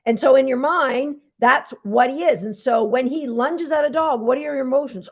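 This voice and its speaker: Chatty high-voiced woman dog trainer. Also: moderate pace, gravelly, few pauses. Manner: chatty and emphatic, talks straight to viewers. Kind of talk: casual live Q&A teaching. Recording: dull lo-fi sound.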